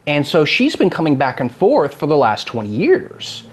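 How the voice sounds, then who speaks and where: A man's voice: on the high side, normal speed, slightly rough. A man from California with a Californian accent, a game designer chatting as an interview guest and acting out the people in his stories. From California, USA. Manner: animated storyteller, acts out quotes. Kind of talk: casual interview chat.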